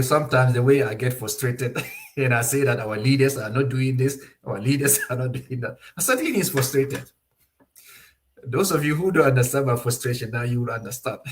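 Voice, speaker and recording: Guy ranting commentary, mocking, laughs a lot, swings way up high sometimes. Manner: animated, mocking, raises pitch sharply to voice others, laughs often. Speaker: political commentator. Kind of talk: impassioned monologue commentary.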